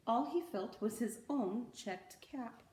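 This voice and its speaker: Warm, mellow woman doing an unhurried, animated children's read-aloud, roomy sound. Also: fairly high pitch. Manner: expressive, dramatic pauses. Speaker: children's story reader. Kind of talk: picture-book read-aloud.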